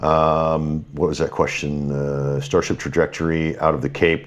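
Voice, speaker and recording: Low-voiced guy hosting a rocket stream, upbeat and a bit tired, lots of ums. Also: little pitch movement, lo-fi sound. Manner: upbeat, thankful, quick rundown with fillers and restarts. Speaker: livestream host. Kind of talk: live stream commentary, reading super chats.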